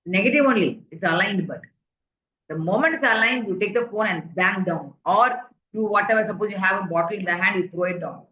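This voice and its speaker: A woman's voice: mid-range voice, fairly quick, a bit bright, slight background noise. A woman coaching her audience in a workshop talk, earnest and repetitive, with many fillers, often asking her listeners questions. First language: Tamil. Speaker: life coach. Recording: muffled, echoey room.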